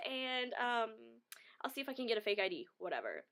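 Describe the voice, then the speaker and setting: Young woman, slightly high voice, chatty, giggly, casual storytelling. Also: big pitch swings, quick pace, fairly bright tone. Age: young adult.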